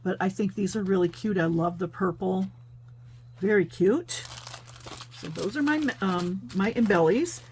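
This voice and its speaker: A woman's voice: medium pitch, measured pace, darkish tone, slight background noise. Chatty woman showing off her crafts. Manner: chatty, thinks aloud with many fillers. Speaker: paper crafting host. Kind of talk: casual craft show-and-tell.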